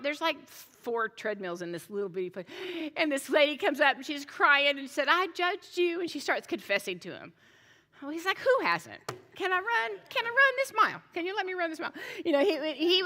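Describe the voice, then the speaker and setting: A woman's voice: high-pitched, bright, forceful tone, long reverb tail. A middle-aged woman pastor preaching a sermon, telling stories in a chatty way, with restarts and joking asides.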